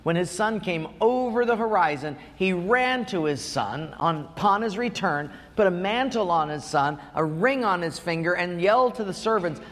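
A man preaching a sermon as pastor, telling stories in an emphatic, animated way. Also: high-pitched, moderate pace, few pauses, big-room sound. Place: church.

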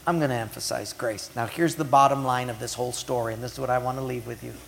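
A middle-aged man preaching a sermon as pastor, dramatic, swinging between loud emphasis and hushed asides. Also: mid-range voice, little pitch movement, quick pace, creaky. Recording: long reverb of a large hall.

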